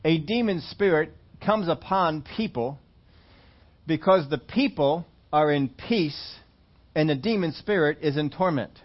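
A man's voice: a little high, unhurried. A man preaching a Bible teaching sermon, emphatic and repeating key phrases for effect. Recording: dull lo-fi audio.

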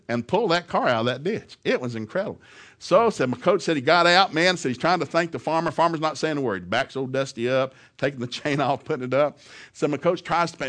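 A man telling a humorous story to an audience, animated and laughing often as he talks. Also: on the high side, quick pace. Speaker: speaker.

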